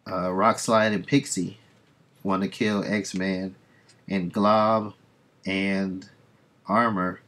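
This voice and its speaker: A man's voice: sits low, a bit bright. A man streaming, casually reading comics aloud and chatting about them, rambling as he thinks aloud.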